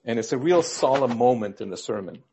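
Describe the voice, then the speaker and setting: A man preaching a sermon, telling jokes in a storytelling way and acting out the quoted characters with rises in pitch. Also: lively intonation, fairly quick, darkish tone, a little hiss or hum. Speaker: pastor.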